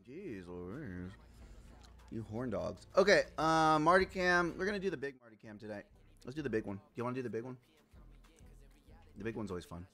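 A man live-streaming a game, talking casually with his chat in a loud, profane, playful way. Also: medium pitch, very animated, a little fast, slightly rough, soft background music. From Puerto Rico.

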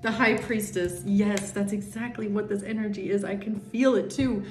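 A tarot reader with a medium-pitched, steady voice gives a casual reading at a moderate pace. She's chatty and emphatic, acting out what imagined people are thinking, while a roomy echo and faint music fill the background.

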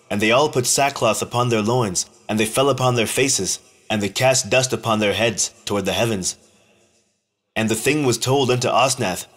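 Man, mid-pitched voice, slow solemn scripture reading, measured deliberate phrasing. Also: a bit bright. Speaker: scripture reader.

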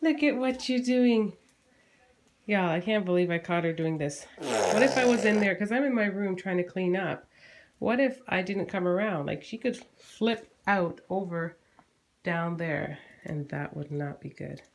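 A woman's voice: measured pace, a little hiss or hum. A woman in her thirties from Canada, a homeschooling mom chatting casually to her vlog audience and talking playfully to her baby. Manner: chatty, playful, talks to her baby in a high sing-song voice.

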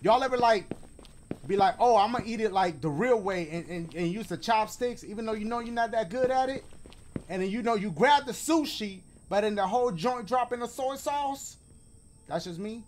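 A man's voice: high-pitched, normal speed, a little hiss or hum. A man doing let's play commentary on a game, slangy and joking, talking to the viewers. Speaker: gaming YouTuber.

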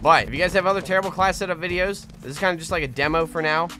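A man giving casual gameplay commentary as a gaming video host, excitable and swearing often, with frequent laughs. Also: a little high, rapid-fire, slight background noise. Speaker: gaming YouTuber. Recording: game gunfire behind voice. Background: game gunfire and explosions.

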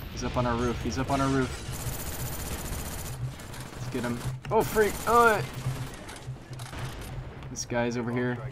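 A man giving live commentary over his own shooter gameplay, excitable and quick to exclaim and groan. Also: medium pitch. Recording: game gunfire noise behind voice. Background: video game gunfire and explosions.

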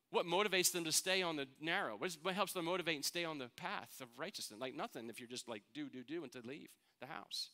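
Bright-voiced man preaching earnestly. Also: fairly high pitch, animated, fast. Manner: earnest, conversational preaching with rhetorical questions. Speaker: pastor. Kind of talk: sermon.

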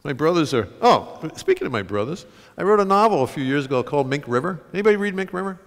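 A middle-aged man, an author, speaking to an audience, reading and telling stories in an animated, self-mocking way, full of restarts. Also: on the high side, fast talker. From United States. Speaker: author giving a talk. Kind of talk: public reading and storytelling talk. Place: large concert hall. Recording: long reverb of a concert hall.

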